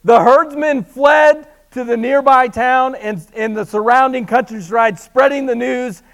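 High-voiced preaching man, big dynamics. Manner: swings from near-hushed, slow delivery to loud, fast preaching; animated storytelling with humorous asides. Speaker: pastor. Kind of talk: sermon.

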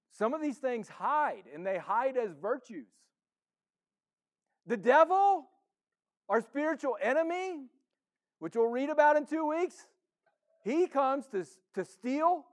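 Lively high-voiced male pastor preaching. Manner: conversational, playful, acts out the congregation's inner voice; wide swings from loud emphasis to soft low asides. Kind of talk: sermon.

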